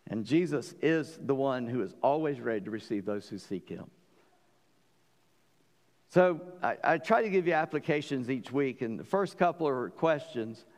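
A man's voice: mid-range voice, animated, normal speed, a little mellow, long reverb tail. A man preaching a sermon as pastor. He talks earnestly, often stumbles and restarts, and builds to emphatic peaks.

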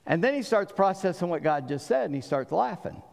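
A man's voice: sits high, sing-song, a little fast, creaky, a little mellow, big-room sound. A man preaching a sermon with emphatic delivery, voicing figures from scripture as he goes. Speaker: pastor.

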